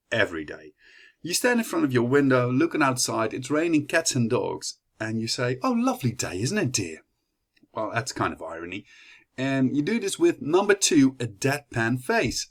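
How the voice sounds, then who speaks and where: A young man from the Netherlands with a Dutch accent, giving a chatty class presentation full of fillers and restarts. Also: mid-range voice. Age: young adult. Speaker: student presenter.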